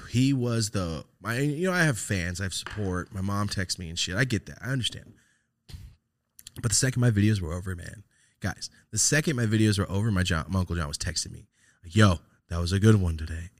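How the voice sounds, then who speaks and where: A man with a somewhat low voice hosts a podcast and talks through a personal story in a loose, reflective way. He swears freely and trails off into fillers and restarts as he goes. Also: lively intonation, fairly quick. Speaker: podcast host. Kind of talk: casual storytelling chat.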